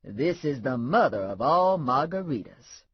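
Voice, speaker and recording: A woman's voice: a bass voice, very animated, measured pace, husky, dry recording, exaggerated voice. A woman doing a brash, mouthy sidekick woman. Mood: amused. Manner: loud, mouthy, scolding. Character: brash sassy woman sidekick, loud and blunt. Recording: dull lo-fi dry audiobook recording.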